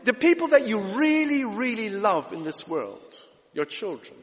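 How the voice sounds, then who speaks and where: A man preaching a sermon, emphatic, moving between loud urgent lines and hushed ones. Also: high voice, sing-song, measured pace. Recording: reverberant hall.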